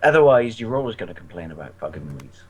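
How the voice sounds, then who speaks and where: A man co-hosting a casual movie talk show, excitable, stammering and swearing. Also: sits low, fast talker, slightly rough, muffled recording. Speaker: podcast co-host.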